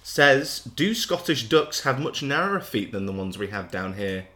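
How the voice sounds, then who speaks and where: A man with a bright, clear voice hosts a casual podcast game. He jokes around and reads replies aloud, breaking into frequent laughs. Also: medium pitch, very animated, moderate pace. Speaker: podcast host running a game.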